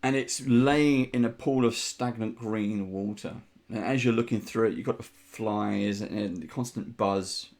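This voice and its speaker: A man narrating a tabletop game as game master, descriptive and unhurried with frequent ums. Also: lowish voice, darkish tone.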